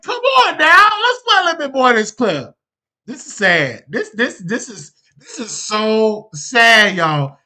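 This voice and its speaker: Guy hosting a commentary show, reacts loud and tells his own story, really bright voice. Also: extremely high pitch. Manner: expressive storytelling with loud exclamations. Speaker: host.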